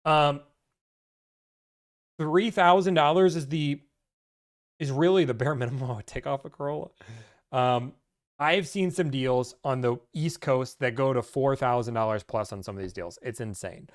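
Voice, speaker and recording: Animated joking man giving car deal tips. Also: mid-range voice, moderate pace. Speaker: car-buying advisor. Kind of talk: casual live-stream talk.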